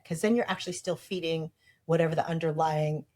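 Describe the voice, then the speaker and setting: A woman with a fairly low voice in a casual podcast conversation. She talks reflectively and slips into little quoted inner voices to make her point. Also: fairly even intonation, fairly quick, a little mellow.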